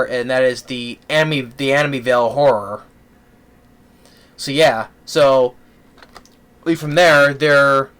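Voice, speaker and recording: A man's voice: mid-range voice, a bit bright, clean tone. A man giving a casual spoken movie review, rambling with many fillers and restarts.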